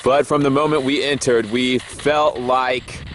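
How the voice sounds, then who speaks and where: A man's voice: medium pitch, fairly even intonation, unhurried, noisy background. A man hosting a paranormal investigation show, narrating a ghost hunt in an earnest, plain-spoken way.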